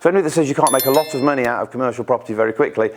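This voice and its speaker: A British man talks to a room of investors in a loose, chatty way, tossing in asides and little acted-out quotes. His voice sits at a middling pitch for a man. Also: rapid-fire, soft background music. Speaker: speaker at an investor networking event. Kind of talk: informal presentation with anecdotes.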